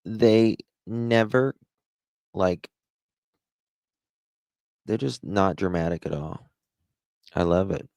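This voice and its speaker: A man hosting a livestream, giving sarcastic, drawn-out commentary on a news clip. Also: low voice, creaky, a little mellow, no echo, clean studio sound. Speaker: livestream host.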